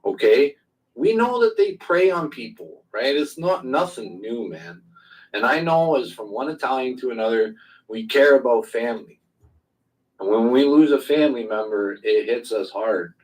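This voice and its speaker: A man with a middle-pitched voice speaks calmly and reassuringly in an online group chat. He sounds set back from the microphone. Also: normal speed, far from the mic, low-quality recording. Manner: calm, consoling, reassuring. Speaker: Twitter space participant.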